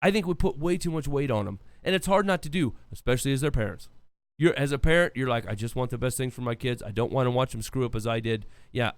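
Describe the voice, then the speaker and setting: A man's voice: mid-range voice, fast, few pauses, no echo. A man co-hosting a podcast, giving earnest, preachy advice on youth ministry in casual chat. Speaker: podcast co-host.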